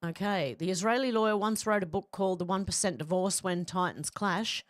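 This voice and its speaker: A woman's voice: mid-range voice, fairly quick, no room sound. Blunt woman, dry close sound. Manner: blunt, outspoken, swears. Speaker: political commentary host. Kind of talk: casual opinion commentary, reading posts aloud.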